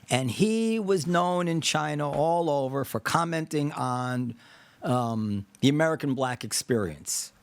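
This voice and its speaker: A man's voice: medium pitch, dry recording. Man, podcast host, casual talk, thinks aloud, acts out dialogues, dry room. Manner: animated, acts out imagined dialogues; digressive, thinks aloud with fillers. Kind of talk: casual political discussion.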